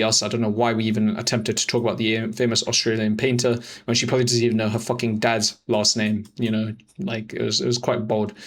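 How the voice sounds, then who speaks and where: A young man rattles through chat screenshots at a quick clip, in a middling-pitched voice. He mocks and swears freely as he explains his dating tactics to viewers. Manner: profane, mocking, rapid-fire banter. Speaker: dating coach. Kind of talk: voice-over commentary on chat screenshots.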